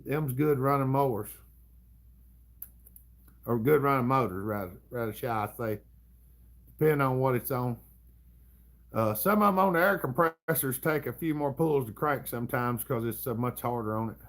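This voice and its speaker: With frequent pauses and a moderate pace, a middle-aged host with a Southern US accent chats through comments on a casual livestream. His mid-range voice carries a folksy drawl punctuated by chuckles.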